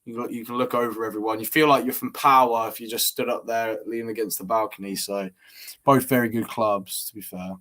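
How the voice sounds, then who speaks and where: A man's voice: on the low side, fairly even intonation, brisk, fairly bright tone. A young man with an English accent answering interview questions in a chatty, rambling way. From England. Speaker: motorcycle racer guest.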